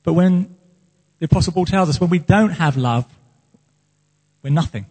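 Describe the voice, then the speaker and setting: A man's voice: a little high, normal speed, warm tone, slightly rough. A man preaching as the pastor of his church, speaking earnestly and with passion about his calling. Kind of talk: sermon. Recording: long hall reverb.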